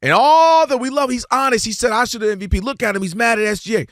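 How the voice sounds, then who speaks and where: A man's voice: very high-pitched, fast talker, a bit bright, no room sound, studio quality. A man hosting a sports talk show, arguing his point and acting out quotes in other voices, repeating words when fired up. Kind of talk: animated sports debate.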